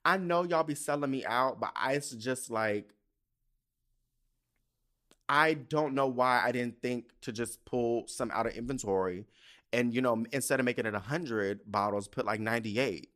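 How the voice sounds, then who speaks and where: A man hosting a podcast in casual chat, animated and sassy, swearing freely and laughing often. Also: mid-range voice, moderate pace. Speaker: podcast host.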